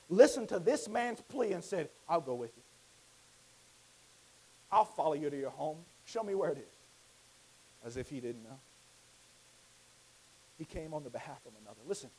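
A man preaching a sermon, swinging from quiet teaching to loud, impassioned shouting in a repetitive, emphatic cadence. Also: high voice, poor audio.

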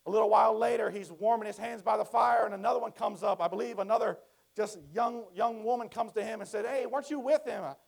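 Gravelly high-voiced male preacher. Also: fairly even intonation, fast. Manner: conversational, swings from hushed to loud and emphatic. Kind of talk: sermon.

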